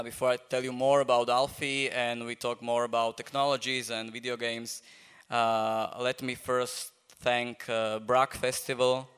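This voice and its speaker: Guy hosting a festival talk in english, smooth resonant voice, lots of uhs and ums. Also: mid-range voice, a bit bright. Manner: hesitant, many fillers. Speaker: host, journal editor. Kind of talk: live public talk introduction. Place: festival event space.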